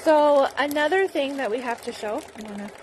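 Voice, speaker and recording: Co-host lady on a sewing live, higher voice, friendly, explains the details, soft noise behind. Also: a little fast. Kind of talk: livestream product demo chat. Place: sewing shop studio.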